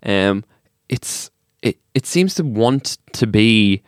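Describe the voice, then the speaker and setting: A man's voice: on the low side, lively intonation, slow pace, clean tone, no echo, studio quality. A man co-hosting a podcast, rambling through stories in a laid-back, sweary way. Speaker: podcast co-host. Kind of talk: casual chat.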